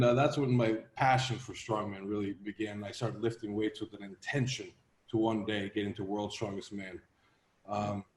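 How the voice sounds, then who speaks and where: A man in his thirties from Latvia, a strongman guest telling his story in a steady, measured way in a casual interview. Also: mid-range voice. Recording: roomy echo.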